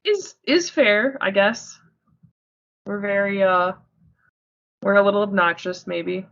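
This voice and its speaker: A woman's voice: mid-range voice, takes it slowly, a bit bright, highs cut off. A young American woman co-hosting a book podcast, talking thoughtfully and hedging her points. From United States. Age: young adult. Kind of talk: casual chat.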